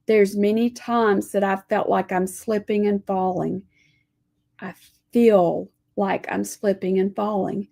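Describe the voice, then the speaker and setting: A woman teaching a live lettering lesson, talking gently to viewers as she draws and reads scripture. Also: mid-range voice, steady tone, gravelly. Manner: slow, gentle, talks to viewers while drawing.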